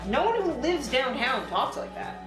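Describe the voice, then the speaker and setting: A woman's voice: sits high, sing-song, moderate pace. A young woman chatting casually on a live stream at home, swearing freely and rambling with fillers. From Toronto, Canada. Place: home room, livestream. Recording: roomy echo with music playing.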